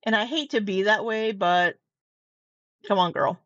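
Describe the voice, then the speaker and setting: A woman's voice: mid-range voice, measured pace, a bit bright, dry recording. A middle-aged woman doing casual reaction commentary, teasing, sarcastic and freely profane. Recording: dull, dry, slightly lo-fi sound.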